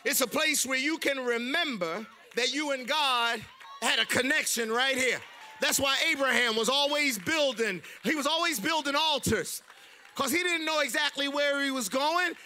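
A male preacher delivering a rousing call-and-response sermon, swinging from quiet to shouting. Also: very high voice, moderate pace, a little hiss or hum.

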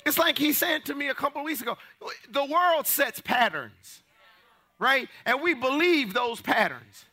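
Pastor, male, high gravelly and bright, fiery sermon delivery with shouted peaks. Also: moderate pace. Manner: animated, rising to shouts, folksy asides.

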